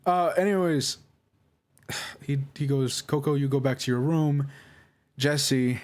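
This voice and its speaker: A man's voice: medium pitch, little pitch movement, slow pace, no room sound. A young man telling a personal story in a rambling, apologetic way, full of fillers and restarts. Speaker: vlogger. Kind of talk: casual storytelling.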